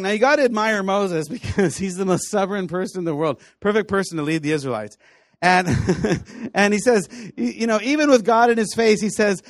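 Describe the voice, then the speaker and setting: A man with a fairly high voice teaches scripture to a room of students, animated and playful. He acts out the people in his stories and laughs often. The sound is dry and close. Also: moderate pace, dry recording. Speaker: Bible teacher. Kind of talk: lively teaching talk to students.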